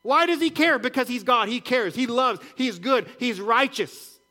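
A man's voice: extremely high pitch, normal speed, pushed and bright. A man preaching a sermon as a pastor, earnest and full of rhetorical questions and repetition.

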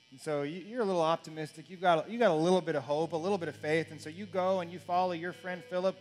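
A man's voice: a little high, fast, few pauses, a little mellow. A man preaching a sermon as pastor, earnest and building to urgent questions.

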